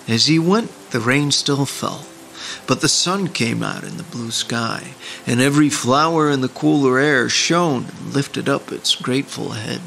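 A man narrating a storybook in a slow, deliberate reading style. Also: mid-range voice, animated, gravelly, fairly bright tone, slight background noise.

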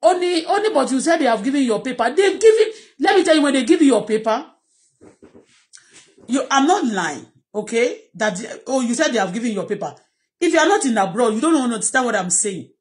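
A woman's voice: on the high side, sing-song, fairly quick. A middle-aged woman with a Nigerian accent, talking in an impassioned, repetitive, pleading way in a personal vlog. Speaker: vlogger.

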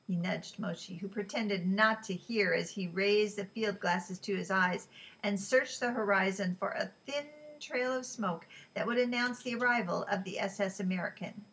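A woman narrating a novel as an audiobook in a steady, measured way. Her voice sits at a middle pitch for a woman. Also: poor audio. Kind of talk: scripted narration.

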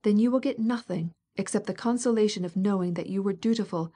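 A scheming older prince, impatient and insistent, pressing his point with smooth coaxing, as a woman narrator reads him. The voice stays mellow and warm. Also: medium pitch, fairly quick, natural voice.

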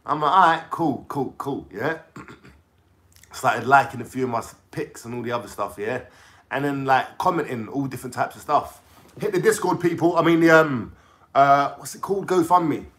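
A man's voice: medium pitch, moderate pace, a bit bright. A young man with a London accent, telling a rambling story to his viewers in a casual, slangy way and checking in with "yeah?" as he goes.

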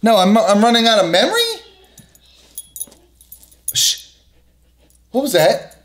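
A man filming his family at night in a dark house, with a blunt, teasing way of talking. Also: high voice, animated, slow pace. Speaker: father filming a family prank. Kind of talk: home video chat. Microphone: handheld camera. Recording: echoey room with background noise.

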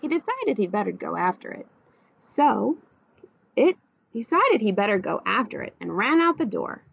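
A teacher reads a children's picture book aloud, telling the story in an expressive, animated way. Her mid-range voice moves at a normal speed, slightly rough with vocal fry, and the recording sounds muffled.

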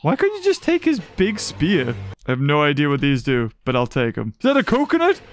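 A man giving excitable let's-play commentary as a gaming channel host. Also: on the high side, fairly quick, slight background noise. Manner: excitable, exclaiming.

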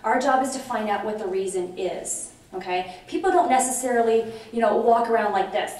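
A middle-aged woman giving a lively conference presentation, chatty and animated, often checking in with her audience. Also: on the high side, fairly quick. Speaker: conference speaker on dementia care. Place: large conference room. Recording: very echoey hall from far off, faint noise.

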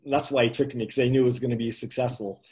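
A man's voice: mid-range voice, fast. A man in the middle of his range spins an anecdote with easy energy. He fills the gaps with little asides and chuckles as he goes, as an author chatting with his host. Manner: animated anecdotes with many "you know" asides and chuckles. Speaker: author guest. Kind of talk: casual storytelling on a live video chat.

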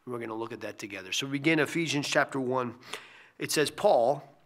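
A man who is a pastor, giving a short devotional sermon in an earnest way, often dropping to a hushed near-whisper on key phrases. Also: medium pitch, fast.

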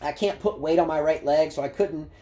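A man in his thirties delivers a loose, sarcastic tennis rant, piling up fillers and tangents. His voice sits high but sounds dark and mellow in tone. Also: a little fast. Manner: rambling, sarcastic, heavy on fillers. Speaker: tennis commentary vlogger. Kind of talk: opinionated casual rant.

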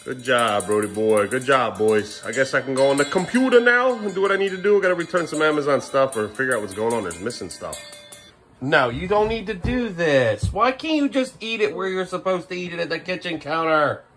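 Exasperated dad, lively swooping voice. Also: male voice, on the high side, fairly quick, soft background music. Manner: exasperated, half-laughing. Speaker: father filming his kids. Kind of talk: casual home vlog. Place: family home.

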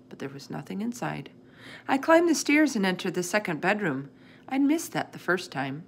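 A woman's voice: mid-range voice, a little hiss or hum. A woman reading a children's chapter book aloud, narrating expressively in the first person. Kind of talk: storybook read-aloud.

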